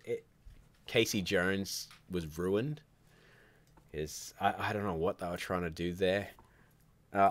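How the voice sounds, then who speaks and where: A man's voice: low-pitched, a bit bright. A man hosting a live stream from home, chatting casually and rambling through his opinions, often stopping and restarting his sentences. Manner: rambling, opinionated, self-interrupting. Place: at home by a computer, child nearby.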